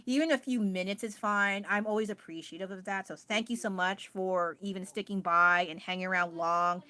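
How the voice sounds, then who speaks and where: A woman's voice: medium pitch, fairly even intonation, normal speed, sharp tone. A woman chatting casually on a livestream about her art, rambling and joking about herself. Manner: chatty, rambling, self-deprecating. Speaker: livestreaming artist. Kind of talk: casual chat. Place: home, indoors. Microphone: phone.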